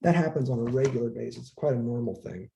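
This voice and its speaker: A fast-talking man with a creaky, warm, medium-pitched voice gives a casual, conversational lecture over slight background noise. He acts out the voices he quotes and occasionally swears.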